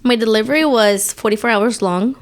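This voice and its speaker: A woman's voice: fairly high pitch, fairly quick. Woman guest chatting in mixed English and Spanish. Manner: mixes Spanish words into English, tells her birth story. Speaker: podcast guest. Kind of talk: casual chat.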